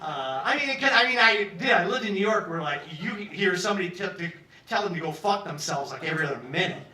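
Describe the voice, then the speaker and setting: Bright-voiced man in his sixties spinning a yarn. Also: high-pitched, fast. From Peoria, Illinois, US. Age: 60s. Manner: animated, acts out other people's lines, profane. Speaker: storyteller. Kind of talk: live storytelling monologue. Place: pub stage. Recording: roomy, from some distance.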